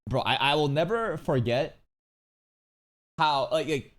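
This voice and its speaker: A man streaming a casual reaction to a video, crude and excitable, stammering and laughing as he talks. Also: on the high side, unhurried.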